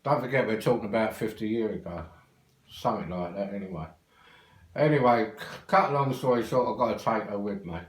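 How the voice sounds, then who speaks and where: A man's voice: fairly low pitch, lively intonation, fairly quick, roomy sound, rough recording. An older man with a London accent telling a long rambling family anecdote in a casual, swearing, cheerful way. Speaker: storyteller.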